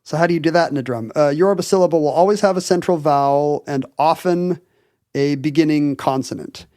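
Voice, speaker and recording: Fast-rambling man explaining things. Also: a little high, a little mellow, no echo, clean studio sound. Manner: enthusiastic explainer, hedges with fillers. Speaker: podcast co-host. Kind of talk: casual explanatory chat.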